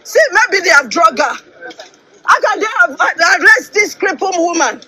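A woman shouting accusations and repeated appeals while filming a phone livestream outdoors. She sounds emotional and near tears. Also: very high voice, lively intonation, moderate pace, rough recording. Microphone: phone held while filming.

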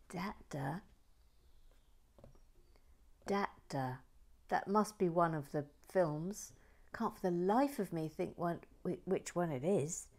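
A woman hosting a relaxed building video, talking softly and often dropping to a whisper. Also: medium pitch. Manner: soft-spoken, often dropping to a whisper, chatty. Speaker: host of a toy building channel.

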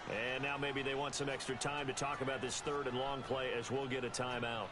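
A man voicing the play-by-play announcer in a football video game, calling the action briskly. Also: medium pitch, flat delivery, heavy background noise, natural voice. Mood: steady. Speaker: play-by-play commentator. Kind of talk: sports commentary.

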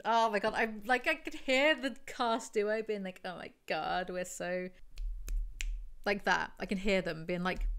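A woman's voice: mid-range voice, a bit bright. Sarcastic woman reviewing a book. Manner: sarcastic, exaggerated asides between readings. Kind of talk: reading aloud and commenting on a novel.

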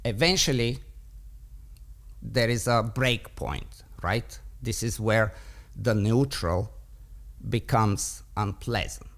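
A man's voice: lowish voice, slow, pauses often, a bit bright. A man who trains dogs, debating on a podcast and explaining a point by telling a story, voicing the thoughts of its characters along the way. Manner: explanatory, tells stories with voiced inner thoughts.

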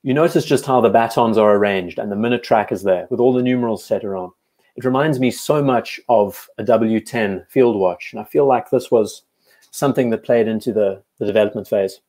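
A man's voice: fairly low pitch, fairly quick, darkish tone. A South African man hosting a casual live stream, reading out viewer comments and chatting enthusiastically with frequent restarts.

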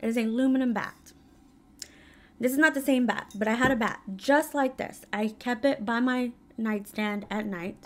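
A woman's voice: a little high, slight background noise. A woman in her thirties candidly telling a painful personal story in a casual vlog, full of fillers and emotion. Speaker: vlogger. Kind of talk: casual storytelling while doing makeup.

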